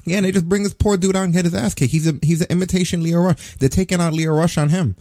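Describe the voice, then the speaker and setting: Fast-talking ranting man, dark voice. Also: high-pitched, no echo. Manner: profane, ranting, animated. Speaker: podcast co-host. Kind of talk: casual wrestling review chat.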